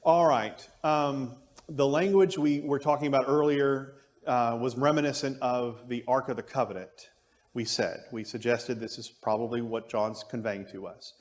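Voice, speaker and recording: A man's voice: mid-range voice, fairly even intonation, normal speed. Man teaching in a reverberant church. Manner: thoughtful, musing aloud with restarts. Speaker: Bible class teacher. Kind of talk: Bible class lesson. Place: church classroom. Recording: long reverb of a church room.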